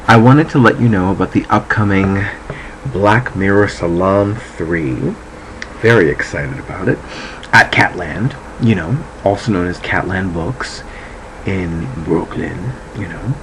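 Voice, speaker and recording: Chatty lower-voiced man, home vlog, meandering, faint background hiss. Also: fairly bright tone, low-quality recording. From New Jersey. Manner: chatty, meandering, swears freely. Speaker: vlogger, psychic. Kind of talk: casual rambling chat to camera. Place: at home, indoors.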